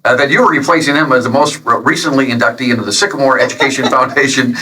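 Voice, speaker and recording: A man's voice: medium pitch, steady tone, sharp tone, distant mic, a little hiss or hum. A man hosting a local interview show, chatty and eager, often chiming in. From Chicago area, USA. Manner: chatty, eager, quick to chime in. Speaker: interview host. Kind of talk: casual interview chat.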